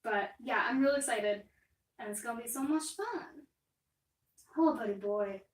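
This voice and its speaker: Young woman, casual livestream chat, rambling, reads out comments, highish voice, roomy echo, distant mic. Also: unhurried. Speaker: artist live-streaming. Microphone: distant mic, moves around while working.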